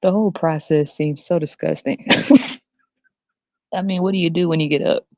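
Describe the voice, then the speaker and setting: A woman hosts a casual podcast rant, her gravelly voice full of blunt, crude jabs and frequent laughter. The recording is dull and lo-fi. The sound is dry, with no room around it. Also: low-pitched, fairly even intonation, unhurried, a little mellow, no echo. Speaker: podcast host. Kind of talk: ranting casual monologue.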